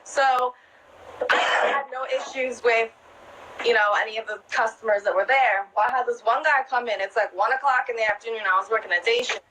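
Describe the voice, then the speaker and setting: Here the dancer's voice runs high, brisk, pushed and bright, captured on a rough recording. Her casual storytelling is profane and full of laughter, packed with filler words like "like."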